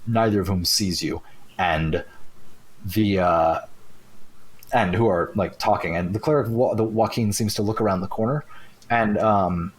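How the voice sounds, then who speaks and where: A young man narrating a tabletop game as game master, halting with restarts and fillers. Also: fairly low pitch, slightly rough, low-quality recording.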